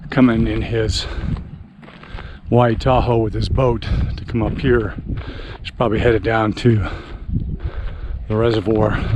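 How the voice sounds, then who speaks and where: Older man rambling on a hike. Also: lowish voice. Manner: rambling, relaxed, with many pauses. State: a little out of breath. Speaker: RV travel vlogger. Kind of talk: casual walking vlog. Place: outdoors on a mountain campground hillside. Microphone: handheld camera while walking. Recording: outdoor wind and ambient noise.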